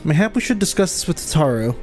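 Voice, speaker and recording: A man's voice: fairly high pitch, very animated, fast, a little mellow, soft background music. A man voicing an earnest young male noble scholar, reading dialogue aloud in an old-fashioned tone.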